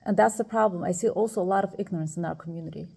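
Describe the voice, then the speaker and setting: A woman's voice: lowish voice, very fast, creaky, breathy edge. A woman telling a personal story to other women, retelling it with emotion and quoting the people involved. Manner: emotional, animated retelling with quoted dialogue. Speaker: speaker addressing women.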